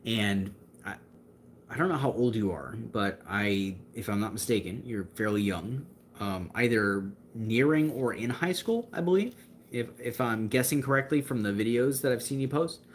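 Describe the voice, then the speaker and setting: On a livestream, a young host answers his chat in a low-leaning voice with lively intonation and a moderate pace. Talkative and casual, he gestures with his hands and leans on fillers and restarts, over slight background noise.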